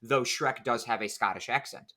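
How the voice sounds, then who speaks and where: A man's voice: mid-range voice, moderate pace, bright, forceful tone. An American man hosting a podcast in casual chat, playful and laughing often. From United States. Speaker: podcast host.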